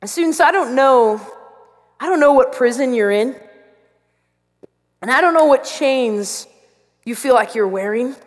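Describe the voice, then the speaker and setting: A woman pastor preaching a sermon to students, telling a story with animated delivery and acting out her own panic. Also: high voice, measured pace, long pauses. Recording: long reverb of a large hall.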